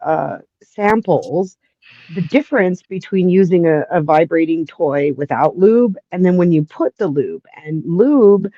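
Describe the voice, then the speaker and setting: A woman's voice: fairly low pitch, dark tone, no room sound. A woman calling in to a livestream, explaining things in a matter-of-fact way. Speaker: call-in guest. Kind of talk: casual livestream chat. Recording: dull lo-fi call audio.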